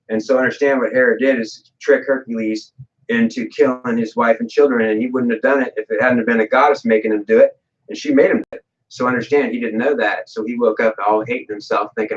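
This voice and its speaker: A man holds forth on a livestream, spinning stories with lively swings and bursts of acted-out dialogue. His voice sits in a middle register, and the audio is dull and lo-fi. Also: mid-range voice, fast talker. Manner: animated, acts out quotes in voices. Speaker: guest. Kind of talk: livestream talk, storytelling.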